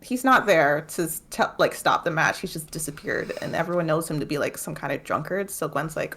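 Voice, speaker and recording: A woman's voice: deep voice, fairly quick, few pauses, fairly bright tone. A woman hosting a casual book club chat, retelling the plot in a chatty way with swearing and acted quotes.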